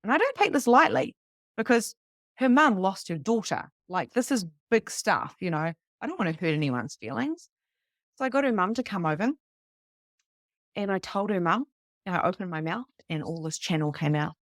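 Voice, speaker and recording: A New woman in her thirties telling a personal story to a live group, animated and casual, swearing freely. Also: medium pitch, normal speed, no room sound, clean studio sound. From New Zealand. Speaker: psychic medium teaching beginners.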